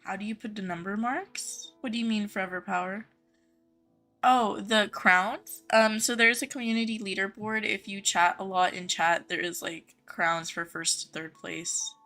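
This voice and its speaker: A woman's voice: medium pitch, fairly even intonation, normal speed, bright, forceful tone, faint music behind. A young woman live-streaming a game from her home office, reading viewer comments aloud and greeting chatters by name in a friendly, chatty way.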